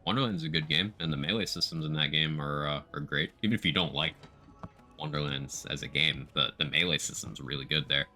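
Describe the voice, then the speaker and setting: A man with a very deep voice and a bright, forceful edge chats through a live game stream. He talks casually about his build and reads out viewer chat as he plays. Faint music sits under his voice. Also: brisk. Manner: chatty, reads out viewer chat while playing. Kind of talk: casual gameplay commentary.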